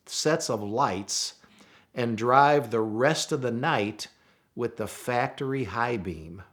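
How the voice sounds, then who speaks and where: Male storyteller, from St. Louis, animated and conversational with frequent restarts. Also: medium pitch. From St. Louis, USA. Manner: animated, repeats words when excited. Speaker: storyteller guest. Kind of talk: casual storytelling.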